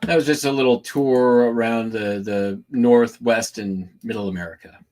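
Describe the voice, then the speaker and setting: A man's voice: medium pitch, fairly even intonation, normal speed, darkish tone. A man hosting a casual shipping vlog, talking loosely with lots of fillers while describing hand gestures. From Washington state, US. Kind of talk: casual rambling chat.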